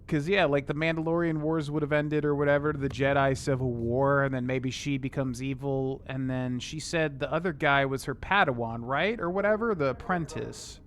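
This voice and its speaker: Young man, game streamer, casual, rambling, chatty, mid-pitched. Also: fairly even intonation, moderate pace, hardly any pauses. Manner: rambling, chatty, many fillers. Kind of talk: casual gameplay commentary.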